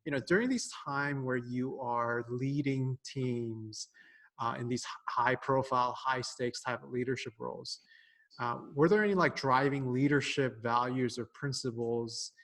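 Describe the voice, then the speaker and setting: A man's voice: mid-range voice, unhurried, a bit bright. Man, podcast host, interviewing, casual fillers. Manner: attentive, with brief affirmations and laughs.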